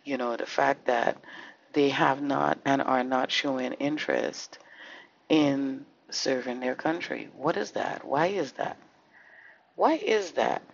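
A man's voice: medium pitch, slow, vocal fry, a little hiss or hum. A man hosting a podcast, delivering fervent social commentary full of rhetorical questions and the odd swear word. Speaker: podcast host. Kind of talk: impassioned social commentary monologue. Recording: slightly dull lo-fi recording.

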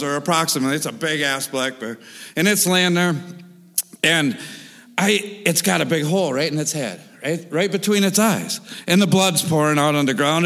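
A man casually telling a wild story with animated, profane delivery, full of sound effects and repetitions. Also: high-pitched, in a large hall.

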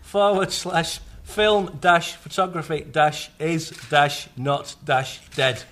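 A man on a podcast in casual chat, reading out website links slowly and deliberately. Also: fairly high pitch, a bit bright.

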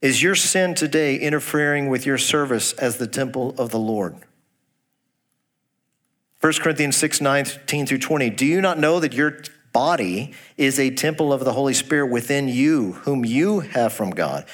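A man preaches a sermon in a middle-pitched voice. He puts pointed questions straight to the congregation and reads scripture aloud. Now and then he slips in a folksy joke. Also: moderate pace, a bit bright. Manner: asks the congregation direct questions; folksy, jokes about a Texas accent. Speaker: pastor.

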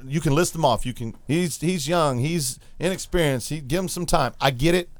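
A man's voice: a little high, a crowd in the background. A man hosting a casual sports talk show. He rambles and halts, starting sentences over and over. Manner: rambling, halting, lots of restarts. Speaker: host.

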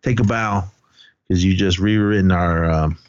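A man's voice: low-pitched, moderate pace, highs cut off. A man co-hosting a podcast, casually retelling a film's scenes in a rambling way, acting out quoted lines. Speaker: podcast co-host. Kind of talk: casual movie recap chat.

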